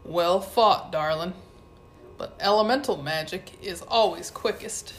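A woman's voice: lowish voice, a little slow, slight background noise, natural voice. A woman doing a cruel Southern cowboy magician. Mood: mocking. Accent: American Southern. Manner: shouting commands, mocking.

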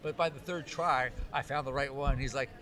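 Man, photographer, casual storytelling, animated, acts out dialogue, outdoors. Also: mid-range voice, a little fast. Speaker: cycling photographer.

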